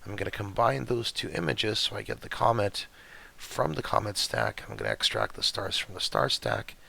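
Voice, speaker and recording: A man with a low, heavily gravelly voice that keeps cutting out, talking through a screen-recorded tutorial. His tone is bright and edgy despite the rasp, and he explains each click in a casual, chatty way with plenty of fillers. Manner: relaxed, chatty, step-by-step with fillers. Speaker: astrophotography tutorial maker. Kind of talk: screen-recorded software walkthrough.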